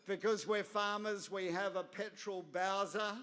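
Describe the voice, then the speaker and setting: An Australian man in his fifties tells a story at a gala dinner, slow and deliberate, landing each wry line with comic timing. His voice sits fairly high, and a long reverb from the big banquet hall trails every phrase. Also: pushed and bright, a little hiss or hum. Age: 50s. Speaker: guest speaker at a gala dinner. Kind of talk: humorous storytelling speech.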